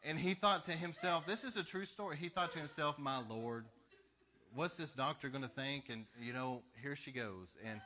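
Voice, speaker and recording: A pastor preaching a sermon, telling stories in an animated way with laughter between lines. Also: male voice, a little high, a little hiss or hum.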